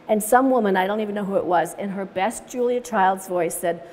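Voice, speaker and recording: A woman leads a live watercolor demonstration, describing every brushstroke aloud in a relaxed, chatty way and breaking into easy laughter. Her voice sits at a middle pitch. A long reverb hangs on it, as in a large room. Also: fairly quick, few pauses. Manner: chatty, narrates each step as she paints; laughs easily while telling stories. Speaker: watercolor painting instructor.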